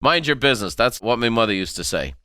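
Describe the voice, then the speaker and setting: A man's voice: mid-range voice, big pitch swings, fast, pushed and bright, dry recording, studio quality. A middle-aged man from Ireland, hosting a motivational podcast and driving home key phrases by repeating them. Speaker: podcast host and motivational speaker. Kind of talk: motivational monologue.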